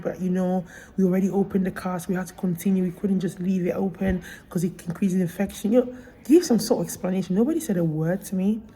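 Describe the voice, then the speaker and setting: In a casual vlog filmed in her hospital room, a native Italian speaker recovering from surgery emphatically and indignantly relates what happened, quoting the exchanges. She has a lowish, warm voice, with slight background noise on a rough recording.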